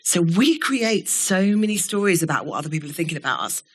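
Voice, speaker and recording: A middle-aged woman giving a keynote talk to a live audience, telling stories in a candid, animated way and swearing now and then. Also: on the low side, quick pace, breathy edge. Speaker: keynote speaker. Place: event studio before an audience.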